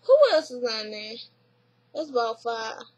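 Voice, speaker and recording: A woman's voice: a little high, a little slow, rough recording. A woman casually recapping a reality show, laughing and acting out the people she quotes. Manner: laughing, animated retelling with voiced quotes.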